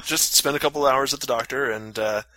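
A man's voice: medium pitch, fairly quick, sharp tone, slight background noise. A man casually telling a long story on a podcast, full of fillers and crude jokes. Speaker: podcast co-host.

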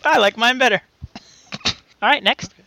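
A man's voice: very high voice, moderate pace, creaky, sharp tone, slight background noise, low-quality recording. A man co-hosting a comedy podcast, teasing the others with wisecracking banter. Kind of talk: casual comedy podcast chat.

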